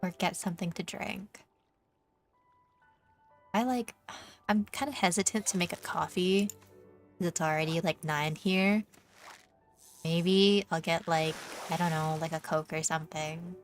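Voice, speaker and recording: With a voice on the low side and a slightly slow pace, a young Canadian woman streaming as a VTuber teases her viewers casually while gaming, speaking with a Canadian accent and lots of fillers. Faint music plays in the background.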